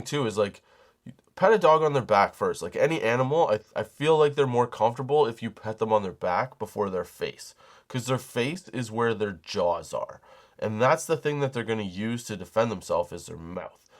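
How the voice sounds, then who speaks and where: Man, middle-aged, comedy podcast host, casual storytelling, profane, laughs at his own jokes, acts out quotes. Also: mid-range voice. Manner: acts out quoted people in raised voices.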